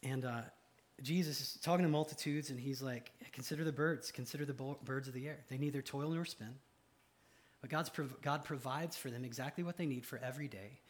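A man preaching a sermon in a casual, animated way, swinging from loud excited asides to quiet emphasis. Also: medium pitch, fairly quick. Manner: casual slang-filled preaching. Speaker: pastor.

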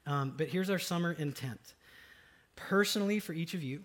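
A man delivering a sermon from the pulpit in a fairly high voice. He talks conversationally, with asides and fillers. He rises to loud, emphatic lines and drops to quiet, low ones. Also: moderate pace. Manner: dynamic, swings from loud emphatic to soft and low. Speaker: pastor.

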